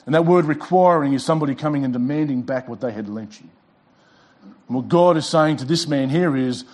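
A middle-aged man preaching a sermon in church, emphatic, rising in pitch and volume when reading scripture and slowing down to stress key words. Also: animated, darkish tone. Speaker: pastor. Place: church sanctuary.

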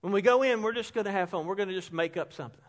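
Brief: middle-aged man, pastor, high-pitched, animated storyteller who drops quiet for emphasis. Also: very fast. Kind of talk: sermon with storytelling. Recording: long hall reverb.

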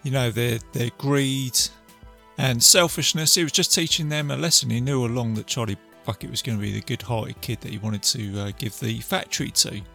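A man's voice: mid-range voice, quick pace, gravelly, hardly any pauses, bright, forceful tone, soft background music. A man casually retelling a film's plot, rambling and full of fillers. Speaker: film reviewer. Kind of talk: casual film recap to camera.

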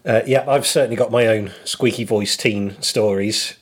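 A man's voice: fairly low pitch, steady tone, moderate pace, breathy edge. A man co-hosting a podcast, chatting casually and laughing easily as he tells stories. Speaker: podcast co-host. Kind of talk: casual chat.

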